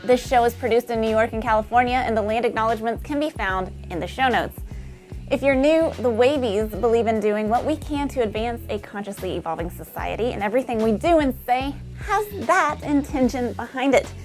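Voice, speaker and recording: A woman's voice: fairly high pitch, brisk. A woman in her thirties from Nashville hosting a music news show, reading her script with breezy, slangy asides. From Nashville, USA. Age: 30s.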